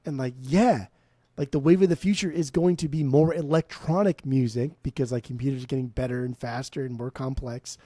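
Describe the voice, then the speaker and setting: A man's voice: medium pitch, steady tone, fairly quick, dark tone, no room sound, studio quality. An American man co-hosting a music podcast, talking casually in a rambling, profane, jokey way. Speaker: podcast co-host. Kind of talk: casual chat about music.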